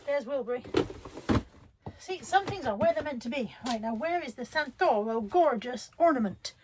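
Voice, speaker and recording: A woman's voice: high-pitched, animated, moderate pace, very noisy. A woman from England chatting casually to camera as a vlogger, self-mocking and muttering to herself as she goes through her post.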